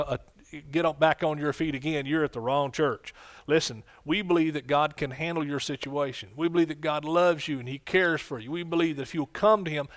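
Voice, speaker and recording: A man preaching from the pulpit with exuberant energy. His voice sits somewhat high, and he breaks into sudden shouted exclamations. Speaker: pastor. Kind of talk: sermon.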